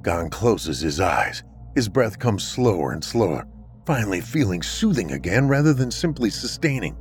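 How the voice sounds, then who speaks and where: A man narrating a scripted story in a dramatic, expressive reading. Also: lowish voice, normal speed, soft background music.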